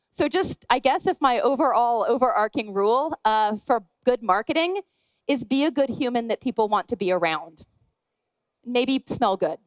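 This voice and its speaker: Quick, high-voiced woman giving a talk. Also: no room sound, low-quality recording. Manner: chatty and self-deprecating, acts out dialogue. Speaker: wedding photographer giving a talk. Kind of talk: lively conference talk.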